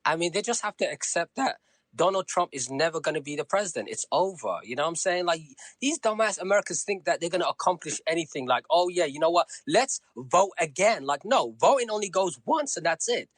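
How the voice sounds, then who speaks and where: Male caller, ranting and profane, animated pitch swings, dry recording. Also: fast, dry recording. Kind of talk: ranting voice message.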